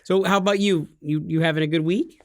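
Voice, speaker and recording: A man with a fairly high voice co-hosting a gaming podcast, full of jokes and playful teasing. He talks in an easy, casual way. The studio sound is dry and close. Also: fairly even intonation, fast, no room sound. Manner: teasing, joking storyteller. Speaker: podcast co-host. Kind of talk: casual chat.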